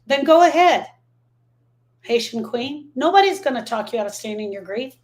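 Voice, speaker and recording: Animated and high-pitched, this middle-aged grief coach hosts a live stream at a moderate pace. She talks with emphasis, circles back to her key phrases, and answers comments from viewers.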